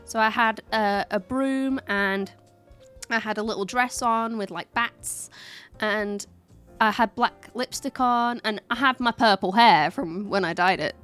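A woman's voice: medium pitch, measured pace, fairly bright tone, faint music behind. A young woman, co-hosting a casual chat and telling stories with lots of giggles. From England. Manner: chatty, giggly storyteller. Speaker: podcast co-host.

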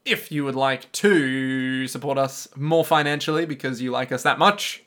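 A man co-hosting a podcast in casual chat, playful and slipping into quick character voices. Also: mid-range voice, fairly bright tone. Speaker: podcast co-host.

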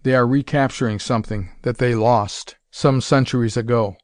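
Grim quiet hero pilot read by a male narrator, low-key, storybook reading, dry. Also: fairly even intonation, moderate pace, no echo, close to an everyday voice.

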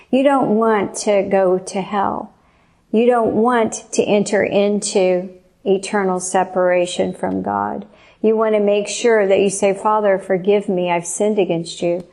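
A woman preaching a testimony sermon in an earnest, slow and emphatic way. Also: medium pitch, gravelly, darkish tone.

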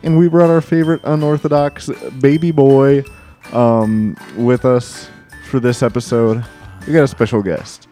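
A man's voice: mid-range voice, fairly even intonation, unhurried, warm tone, soft background music. Joking young man hosting a podcast. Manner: joking, laughs often, rambling. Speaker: podcast co-host. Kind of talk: casual comedic podcast banter.

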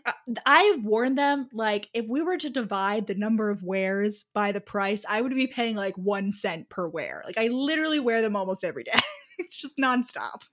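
Young female co-host, high lively voice, animated storytelling. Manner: animated, laughs, quotes characters. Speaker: podcast co-host. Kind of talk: casual chat recapping a book.

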